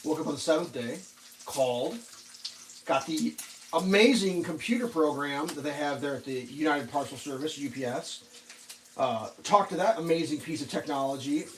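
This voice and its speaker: A high-voiced man rants sarcastically and with exasperation in a casual way. He is cooking in a home kitchen, and faint noise runs under his voice. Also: moderate pace, recorded from a distance, low-quality recording. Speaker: cooking vlogger. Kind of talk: casual ranting story while cooking.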